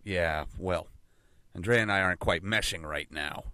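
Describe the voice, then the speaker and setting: Snarky american adventure guy, played by a man, bright, dry close mic, lively. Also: low voice, normal speed, smooth, no echo. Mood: awkward. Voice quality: sarcastic, wisecracking. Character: sarcastic American adventurer, young adult man. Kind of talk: audio drama acting.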